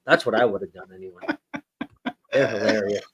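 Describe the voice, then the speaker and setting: A man's voice: lowish voice, a little fast, fairly bright tone, a little hiss or hum. A man hosting a livestream, chatting casually about streaming tech with many "you know" fillers, speaking into a microphone set off in the corner of the room. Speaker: livestream host. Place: home streaming setup.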